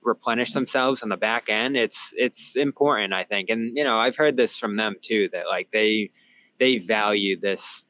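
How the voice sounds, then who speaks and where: A man's voice: lowish voice, normal speed, pushed and bright, no room sound, poor audio. A man, a sports reporter on a podcast, giving casual game analysis in a rambling way with many fillers and restarts, calling in remotely.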